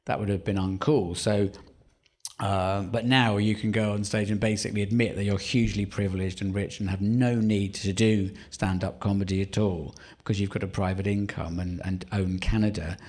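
A man's voice: on the low side, steady tone, normal speed, a little mellow. A man in his fifties with a home counties English accent, a stand-up comedian telling wry, rambling anecdotes in a live interview, often restarting his sentences. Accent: English, Surrey home counties. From England. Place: theatre stage before a live audience.

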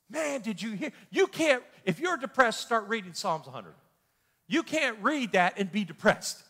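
A man leads a church Bible study with a high, bright voice that leaps up and down in pitch. He jokes, exclaims, and repeats himself as he teaches. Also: normal speed, breathy edge. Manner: animated, jokey, exclaims and repeats words. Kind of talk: lively sermon-style teaching. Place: church hall.

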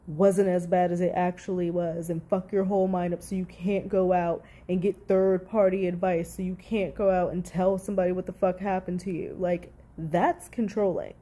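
A woman's voice: fairly low pitch, warm tone. A woman giving heated reaction commentary on audio clips, blunt, profane and exasperated.

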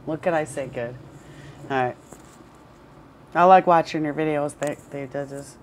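Woman, older, rambling candid vlog, repeats herself, swears, slightly low voice, faint hiss. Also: measured pace. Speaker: vlogger. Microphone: headphones with camera.

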